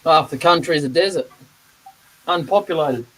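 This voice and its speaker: A man's voice: a little high, normal speed, fairly bright tone, rough recording. A man hosting a live stream, chatting casually in a jokey way and laughing often. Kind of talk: casual chat.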